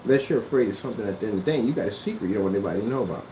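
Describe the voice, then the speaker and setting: Racing along in a lowish voice with lively intonation, a man confronts someone directly on camera. The vlogger scolds sarcastically and repeats himself a lot, recorded in an echoey room with background noise.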